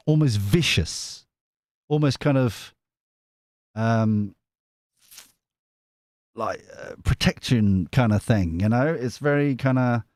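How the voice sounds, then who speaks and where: A man's voice: medium pitch, darkish tone, no room sound, clean studio sound. A man giving a tarot reading on a live stream, chatty and rambling, often mocking himself. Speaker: tarot reader.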